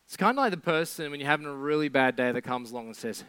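A man's voice: on the high side, fast, hardly any pauses, a bit bright, clean tone, dry recording. A man preaching a sermon in a conversational way, with sarcastic asides.

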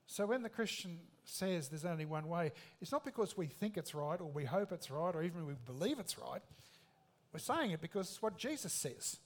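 A man's voice: sits high, expressive, moderate pace. Emphatic man preaching. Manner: emphatic, conversational preaching with rhetorical questions. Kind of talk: sermon.

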